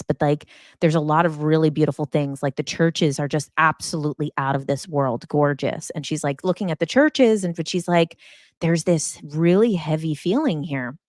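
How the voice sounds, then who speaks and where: A woman's voice: fairly low pitch, dry recording, studio quality. A woman host, talking in a casual, emphatic monologue full of fillers. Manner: chatty, emphatic, many fillers. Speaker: podcast host.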